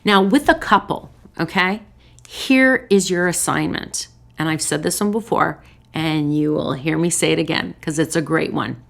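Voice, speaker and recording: A woman gives relationship advice straight to her listeners, talking to camera at normal speed with vocal fry. Her style is lively, built on short, punchy, repeated phrases, and she sometimes bursts into excited, high-pitched voices to act out joyful greetings.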